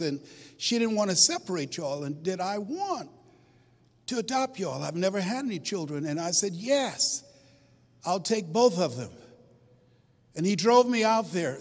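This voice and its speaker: A man giving a dramatic storytelling speech to a live audience as a motivational speaker, swinging from hushed tones to shouts. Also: high-pitched. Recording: long hall reverb.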